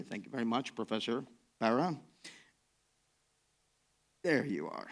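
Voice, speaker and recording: A man's voice: mid-range voice, expressive, a little slow, long pauses, darkish tone. Man, keynote speaker, non-native English accent, jokey, chatty, conference hall. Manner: jokey, chatty, self-deprecating.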